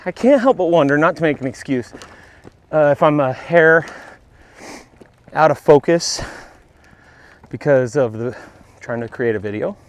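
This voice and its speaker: A man's voice: a little high, animated, a little slow, pauses often. A man vlogging his own round of golf outdoors, talking to the camera between shots, self-deprecating and now and then out of breath. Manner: self-deprecating, talks to the camera while playing. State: out of breath at times. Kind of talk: casual on-course commentary.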